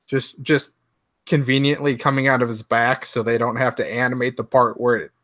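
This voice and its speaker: Bright-voiced, animated male co-host. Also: medium pitch, moderate pace, dry recording, clean studio sound. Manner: animated, hesitant restarts, acts out reactions. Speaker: podcast co-host. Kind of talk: casual chat.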